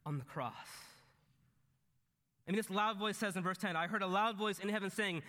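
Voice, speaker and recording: A man preaching a sermon, swinging between loud emphatic peaks and low, intense stretches. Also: normal speed, pauses often, big-room sound.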